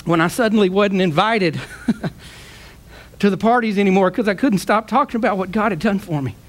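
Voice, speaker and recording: A man preaching with fervor, his voice sitting high and climbing into shouts before falling back to a soft, tearful tone. He delivers a sermon to a congregation, pressing each point with emotion. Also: moderate pace. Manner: impassioned, rising to shouts then dropping soft. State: tearful at times.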